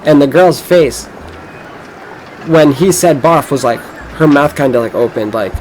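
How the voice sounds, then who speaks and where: A man's voice: mid-range voice, unhurried, pauses often, darkish tone, soft background music, rough recording. A young man from Florida talking casually over a game, rambling and cursing as he tells a boastful story. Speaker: gameplay streamer. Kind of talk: casual rambling gameplay commentary.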